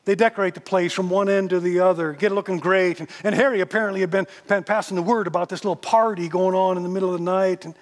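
A man telling a story in a sermon, animated and often repeating words. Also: high-pitched, fast talker, hardly any pauses, big-room sound.

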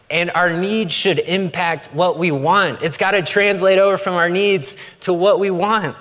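A man's voice: high-pitched, normal speed, hardly any pauses, a bit bright. A man preaching a sermon in a conversational, joking way, often acting out quoted voices. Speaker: pastor. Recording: long reverb of a large hall.

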